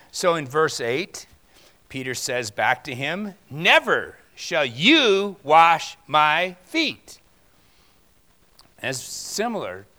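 Bright-voiced man preaching a sermon. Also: mid-range voice. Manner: conversational preaching, rising to emphatic stresses. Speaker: pastor.

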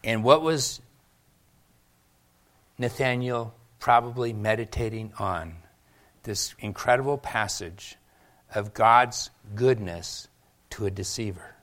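A male pastor preaching a sermon in a lively, storytelling way, with emphatic turns. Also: fairly low pitch, takes it slowly, pauses often.

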